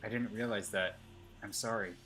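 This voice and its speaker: A man voicing a clingy, obsessive schoolgirl stalker as he reads her text messages aloud in a plain, even voice. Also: fairly low pitch, moderate pace, faint music behind, natural voice.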